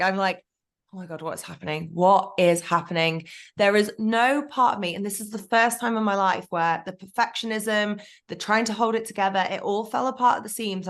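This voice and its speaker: Casting: woman, podcast guest, candid and animated storytelling, mid pitch. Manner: frank, animated storytelling with self-talk asides.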